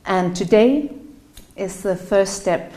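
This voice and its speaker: A woman giving an earnest, halting opening speech to a live audience, her voice catching with emotion at times. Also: mid-range voice, dark tone. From Denmark. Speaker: event host. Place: room in front of a live audience. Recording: roomy echo.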